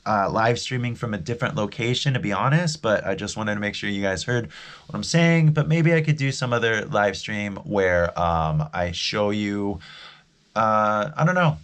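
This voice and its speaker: A man's voice: on the low side, lively intonation, moderate pace, a bit bright. A man with a Californian American accent, chatting casually to viewers on a live stream as an English teacher, rambling and restarting his sentences. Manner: rambling, restarts often, friendly sign-off.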